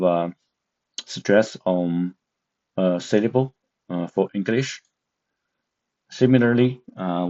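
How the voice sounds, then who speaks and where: A man's voice: low-pitched, creaky, mellow. A man teaching an online language lesson, speaking with many hesitant filler sounds. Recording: dull lo-fi sound.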